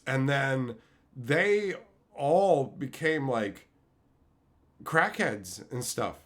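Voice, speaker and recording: A man in his thirties chatting casually on a live stream, telling stories and shouting out loud quotes. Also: medium pitch, animated, very slow. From Canada. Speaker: streamer opening card packs.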